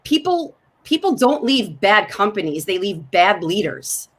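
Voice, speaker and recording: A woman with a New York accent, a sales coach talking in an emphatic, animated way on a video call. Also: mid-range voice. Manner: emphatic, fast and animated when excited. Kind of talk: animated talk-show conversation.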